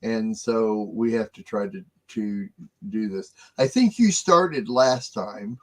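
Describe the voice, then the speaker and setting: Slow-talking man with a halting, chuckling delivery. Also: lowish voice, animated. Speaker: co-host. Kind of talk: casual chat.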